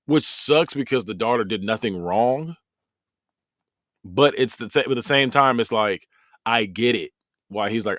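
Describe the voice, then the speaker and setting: A man hosting a podcast, giving a rambling, animated review of a documentary he has just finished. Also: mid-range voice, normal speed, no room sound, clean studio sound. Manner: rambling, animated, repeats himself. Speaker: podcast host.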